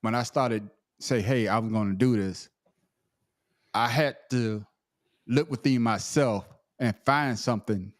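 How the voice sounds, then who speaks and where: A man's voice: medium pitch, measured pace, no echo, studio quality. A man hosting a podcast panel in a loose, rambling way, repeating himself as he talks. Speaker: podcast host. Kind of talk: casual panel chat.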